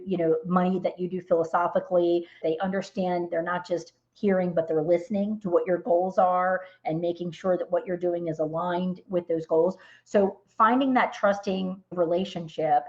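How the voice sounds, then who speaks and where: A woman's voice: fairly low pitch, a little mellow, muffled recording. A middle-aged woman, a financial planner, telling client stories earnestly as a podcast guest. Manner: earnest storytelling. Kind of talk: podcast interview.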